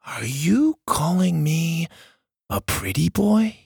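A cocky schoolyard bully, as a man puts him on, drawling his taunts slowly in a raised voice. His tone has a rough, husky grain. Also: on the high side, sing-song, a little mellow, no room sound, studio quality, voice pushed up, heavily acted. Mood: mocking. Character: mocking bully boy, cocky and slow-drawling.

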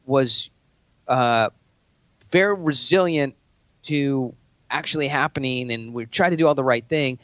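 Brash male podcast guest, dry, dull lo-fi sound, mid pitch. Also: a little slow, long pauses, no room sound. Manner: brash, animated, acts out sales pitches. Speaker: business speaker, podcast guest. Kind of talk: casual chat.

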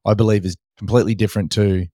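A man's voice: fairly low pitch, fairly even intonation, very fast, warm tone, no room sound, clean studio sound. An Australian man hosting a podcast, chatting casually and reflectively in short phrases. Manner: reflective, talks in short listed phrases with frequent "you know". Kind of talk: casual interview chat.

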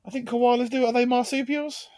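A man's voice: very high voice, steady tone, brisk, a little mellow, smooth, no room sound, clean studio sound. A man co-hosting a casual comedy podcast, jokey and teasing, often slipping into silly bits. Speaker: podcast co-host.

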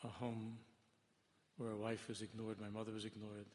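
A man giving a Torah lecture as a rabbi, impassioned and shifting from loud emphasis to hushed tones, mixing Hebrew and Yiddish terms into English. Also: on the low side, monotone, normal speed, a little hiss or hum. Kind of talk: sermon-style Torah lecture. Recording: long hall reverb.

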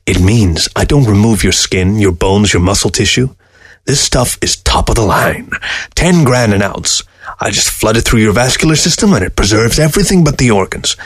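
Male narrator as a proud, stubborn old craftsman, low voice, measured and earnest, storybook read. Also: lively intonation, husky, no echo. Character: gruff older male taxidermist, proud and stubborn.

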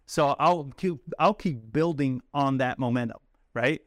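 A man's voice: medium pitch, a little slow, dry recording, studio quality. Casual man coaching on cold calls. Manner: casual, laughs often, acts out calls in a soft apologetic voice. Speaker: sales coach. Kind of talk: coaching talk to camera.

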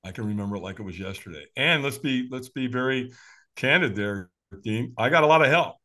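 A man's voice: medium pitch, expressive, fairly quick, pushed and bright. A man in his late sixties telling stories in an interview, acting out quoted voices and laughing often. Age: 60s. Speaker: guest. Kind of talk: animated storytelling interview.

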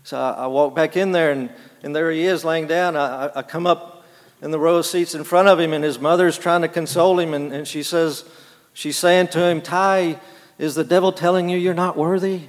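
A man preaching a sermon, halting and repeating words, moving between quiet and emphatic phrases. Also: a little high, steady tone. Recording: long hall reverb.

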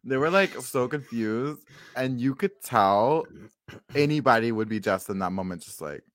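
A co-host in a casual chat recap, playful and quick to laugh, reading from the chat. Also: mid-range voice, expressive, no echo.

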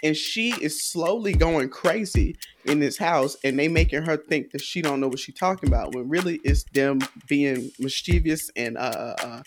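A woman's voice: sits low, normal speed, few pauses, slight background noise. A woman co-hosting a podcast, retelling a film plot in a laid-back, colloquial way with frequent laughs. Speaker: podcast co-host. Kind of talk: casual podcast chat.

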